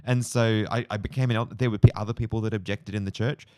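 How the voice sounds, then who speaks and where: A man in his forties with an Australian accent, talking casually and reflectively, with plenty of fillers and restarts. His voice sits a little low. It is recorded close and dry, with no room sound. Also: fairly even intonation, quick pace, darkish tone, no echo. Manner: rambling, reflective storytelling with many fillers. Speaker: podcast co-host. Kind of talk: casual chat.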